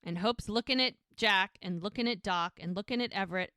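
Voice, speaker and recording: A woman's voice: medium pitch, fairly quick, no echo, clean studio sound. Chatty woman recapping a show. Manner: animated retelling, full of "she's like" quotes. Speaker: podcast co-host. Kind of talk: casual episode recap chat.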